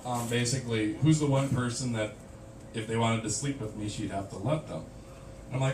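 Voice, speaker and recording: A man's voice: mid-range voice, animated, normal speed. Man doing crude stand-up, far from the mic. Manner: crude, self-deprecating storytelling. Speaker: stand-up comic. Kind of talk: stand-up comedy set. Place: small bar or club stage. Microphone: handheld camera from the audience. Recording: roomy, far-off, noisy camcorder sound. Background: audience laughter.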